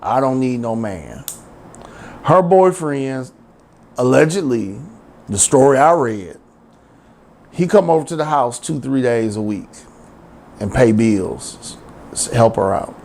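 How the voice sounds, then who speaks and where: A man hosting a satirical rant show with a gravelly, creaky voice that swoops all over the place. He drawls slowly and makes every line an exclamation in a comic storytelling style. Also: mid-range voice, big pitch swings.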